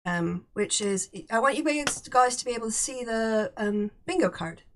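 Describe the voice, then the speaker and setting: A woman hosting a casual political livestream, chatty and halting. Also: a little high, expressive, slight background noise. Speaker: political commentary host.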